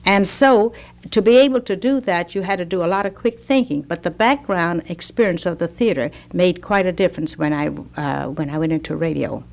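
A woman's voice: lowish voice, fairly quick, creaky. Older Southern woman reminiscing. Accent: Southern American. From American South. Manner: gentle storytelling with dry wit. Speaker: guest organist. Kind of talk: radio interview.

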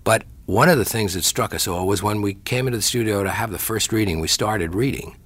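A man's voice: on the low side, fairly quick, a bit bright, slightly rough, dry recording. An older man, a veteran radio actor, fondly reminiscing in an interview, rambling with restarts.

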